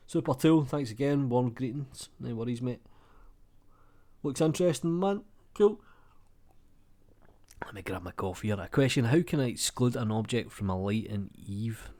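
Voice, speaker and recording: A young YouTuber with a lowish, darkish voice chats casually through viewer comments while recovering from a cold. He's laid-back, swears freely, and calls everyone mate.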